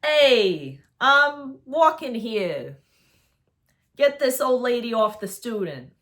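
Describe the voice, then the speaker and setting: A woman putting on a brash New York man's accent, shouting indignantly as a passerby. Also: fairly high pitch, big pitch swings, takes it slowly, voice pushed up, heavily acted. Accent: put-on New York. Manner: loud, shouting.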